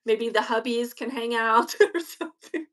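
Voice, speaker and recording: Enthusiastic woman guest with a higher voice. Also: normal speed. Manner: enthusiastic, laughs often. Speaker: live guest. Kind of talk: casual live-stream chat.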